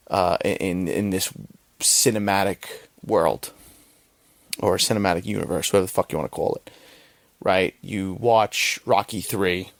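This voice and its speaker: Low gravelly man reviewing a movie. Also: dry recording. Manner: rambling, profane, frequent "right?". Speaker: podcast host.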